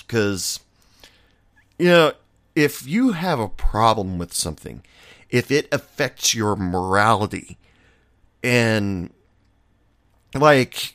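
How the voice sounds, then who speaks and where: Animated, blunt middle-aged man. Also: fairly low pitch, no room sound, clean studio sound. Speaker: bartender. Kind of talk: casual storytelling monologue.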